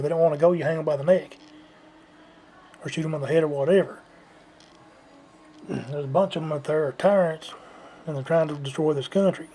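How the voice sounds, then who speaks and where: Man, vlogger, blunt lecturing rant, higher-pitched mellow voice, faint hiss behind. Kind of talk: unscripted ranting monologue.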